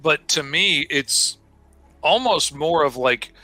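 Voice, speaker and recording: A man's voice: fairly high pitch, lively intonation, slow, sharp tone, no echo. A middle-aged man, chatting easygoing on a livestream, full of "you know"s. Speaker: artist co-host. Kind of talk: casual chat on a livestream.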